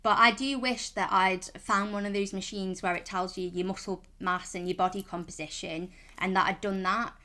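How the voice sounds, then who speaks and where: A woman's voice: medium pitch, steady tone, normal speed, hardly any pauses, bright, forceful tone. A woman, talking casually in a vlog, chatty and rambling, frank and reassuring. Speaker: vlogger.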